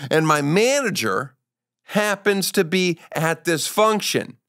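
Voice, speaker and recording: A man hosts a comedy talk show, joking and spinning stories in a wry, offhand way. His voice sits fairly high for a man. The sound is dry and close, with no room echo. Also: very animated, slow, fairly bright tone. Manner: joking, wry, storytelling asides. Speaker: show host. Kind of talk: casual comedic interview and monologue.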